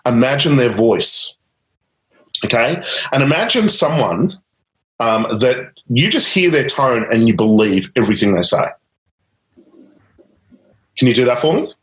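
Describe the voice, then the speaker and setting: A man's voice: mid-range voice, very animated, measured pace, pauses often, echoey room, poor audio. A man leading a live coaching demonstration, guiding a client with repeated prompts and light laughter. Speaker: change-technique coach.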